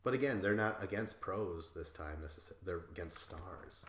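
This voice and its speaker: A man co-hosting a podcast, casually recapping a reality show in a lively way and imitating the cast members. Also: deep voice, fairly quick, echoey room. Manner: animated, mimics cast members with laughs. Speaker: podcast co-host.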